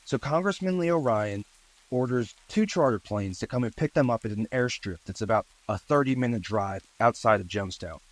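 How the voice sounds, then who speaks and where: A man narrating a true-crime story in a relaxed, conversational way, with asides and fillers. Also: medium pitch, normal speed, low-quality recording.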